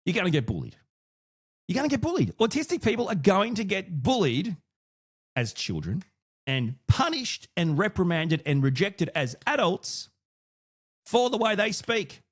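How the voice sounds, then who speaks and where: Lively, animated man hosting a podcast. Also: fairly high pitch. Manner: thinks aloud, with many restarts and asides. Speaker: podcast host. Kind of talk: casual solo podcast talk.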